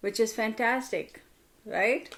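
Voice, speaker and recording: A woman with a slightly high voice talks through a tarot spread in a casual, chatty way. She is animated and playfully scolds her viewers as she explains each card. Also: slow pace, a little hiss or hum. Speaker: tarot reader.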